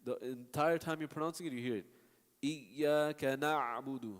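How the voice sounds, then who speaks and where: Fast and a bit high in pitch, a man's voice carries through a hall with long reverb as he teaches recitation. He explains patiently and stops to show sounds and answer his students.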